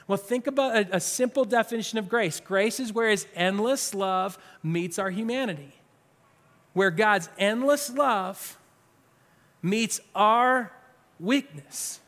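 A man's voice: sits high, a bit bright. A male pastor preaching a sermon with passion, stressing and repeating his words. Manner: impassioned, emphatic, repeats phrases. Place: church sanctuary. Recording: long reverb of a large hall.

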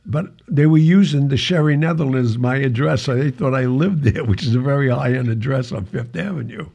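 An older man with a gravelly, husky voice recounts a personal story as a podcast guest. He acts out each exchange of dialogue and keeps chuckling through the tale. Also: mid-range voice, a little fast. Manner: lively storyteller who acts out the quoted dialogue and chuckles often. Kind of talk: anecdotal storytelling.

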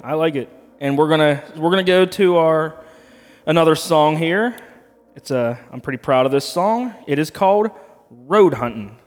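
A fairly high-voiced man in his thirties, chatting loosely and crudely as he reviews a beer. His voice carries a long reverb tail, and he jokes and swears as he wanders off topic. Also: normal speed. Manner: crude, rambling, joking. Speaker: podcast co-host. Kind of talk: casual beer review chat.

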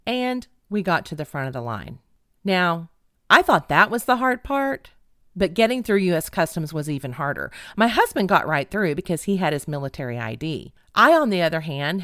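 A middle-aged woman telling a funny personal story in an animated, dramatic, self-mocking way. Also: on the low side, brisk, no room sound, clean studio sound. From Texas.

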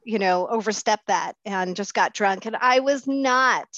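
A middle-aged woman giving a candid, self-mocking recovery talk, pausing often with fillers and restarts. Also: mid-range voice, a bit bright, no echo. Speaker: speaker sharing at a recovery meeting. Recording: dull, dry lo-fi sound.

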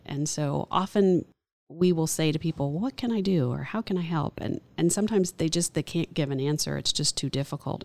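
A woman hospital chaplain speaking as an interview guest, gentle and earnest, often restarting phrases. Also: low-pitched, gravelly, no echo. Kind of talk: reflective interview talk.

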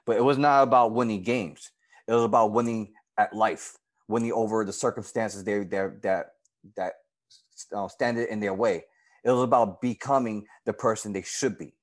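A man, a girls' softball coach, telling his personal story in an interview in an earnest, emotional way. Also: normal speed. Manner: earnest and emotional, lively pitch swings when retelling moments.

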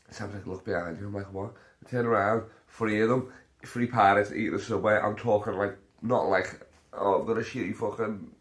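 A man hosting a podcast, telling rambling, sweary stories and laughing at his own jokes. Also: lowish voice. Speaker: podcast host. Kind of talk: casual storytelling monologue.

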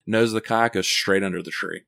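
A man with a low, creaky voice tells a rambling, profane story on a casual podcast at a brisk clip. He's animated, laughing as he goes and packing his speech with "like" and "right?"

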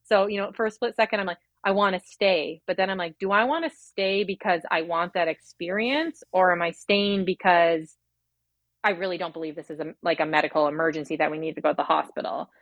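A woman's voice: on the low side, fairly even intonation, no room sound, lo-fi sound. Woman telling a raw birth story. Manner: quick, rambling, many fillers and acted-out inner quotes. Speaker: guest sharing her birth story. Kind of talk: emotional personal storytelling.

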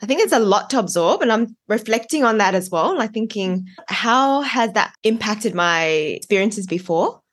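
A woman's voice: medium pitch, animated, normal speed, few pauses. A woman hosting a casual interview, asking short clarifying questions and reflecting aloud. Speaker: podcast host.

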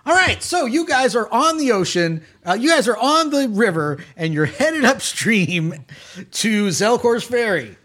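A man running a tabletop game as game master, narrating in a casual, halting way with many restarts. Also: extremely high pitch, lively intonation, fairly bright tone.

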